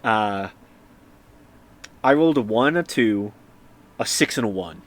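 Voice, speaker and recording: A man running a tabletop game as game master, relaxed and peppered with fillers and small laughs. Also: fairly low pitch, unhurried. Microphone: streaming microphone.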